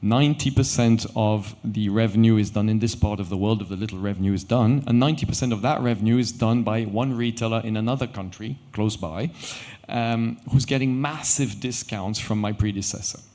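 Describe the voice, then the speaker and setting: A middle-aged man tells a story on an event stage, acting out each exchange as he goes. His voice sits a little low and moves between hushed asides and livelier bursts. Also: fairly quick, hardly any pauses. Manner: animated anecdotal storytelling with quoted dialogue. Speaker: watch company founder telling a story. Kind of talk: conference storytelling talk.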